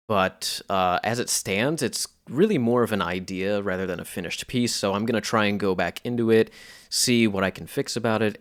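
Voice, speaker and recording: A man casually explaining how he recorded and processed sounds for a music piece, in a relaxed way with a few fillers. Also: sits low, no echo, clean studio sound. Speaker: music producer. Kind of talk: casual tutorial narration.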